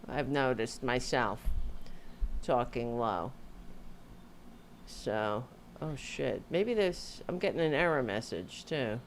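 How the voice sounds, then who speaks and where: A tired woman hosts her livestream from home, talking into a desk mic in a low voice. She rambles loosely, breaks off mid-thought and jokes with her viewers. A faint hum of room ambience sits behind her. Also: expressive, slow. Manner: rambling, self-interrupting, joking. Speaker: host of a livestream show. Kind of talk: casual livestream chat. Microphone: home mic with audio interface.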